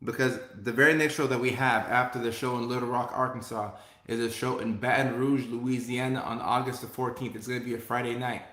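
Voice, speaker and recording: A man's voice: medium pitch, fairly even intonation, a little fast, a bit bright. Upbeat male comedian hosting a casual live chat, mid-range voice, repeats himself, recorded in an echoey room. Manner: upbeat, repeats phrases, reads chat aloud. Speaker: live stream host and comedian. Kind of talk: casual live stream chat, reading comments.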